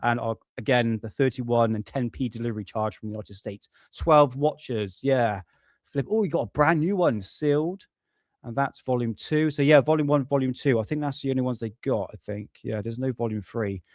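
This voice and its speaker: A man's voice: mid-range voice, moderate pace, no room sound, studio quality. A middle-aged British man hosting a casual live stream from home, chatty, swearing often and laughing at himself. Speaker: livestream host. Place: home room.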